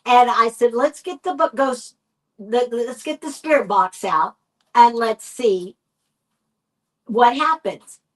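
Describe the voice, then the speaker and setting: A woman with a Texan accent, a paranormal investigator, telling a story in a podcast interview and acting out the quoted dialogue in an animated way. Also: a little high, takes it slowly, pauses often, low-quality recording. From United States.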